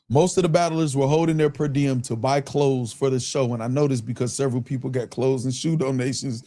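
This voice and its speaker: A man's voice: medium pitch, brisk. A man hosting a live stream, reading viewer super chats aloud in loose, slangy casual talk. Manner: loose, slangy, keeps breaking into laughter; reads viewer comments aloud in a relaxed drawl.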